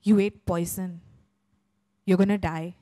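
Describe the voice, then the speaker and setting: A woman voicing a stern, scheming mother who hands down flat, matter-of-fact orders. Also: lowish voice, a little slow, no echo, voice pushed down, close to an everyday voice. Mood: deadpan grave.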